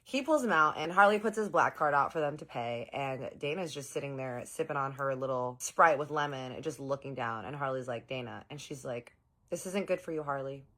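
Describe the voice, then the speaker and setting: A woman's voice: a bass voice, a little fast, few pauses, a bit bright. A woman telling a story in a casual, gossipy, sarcastic way, with swearing.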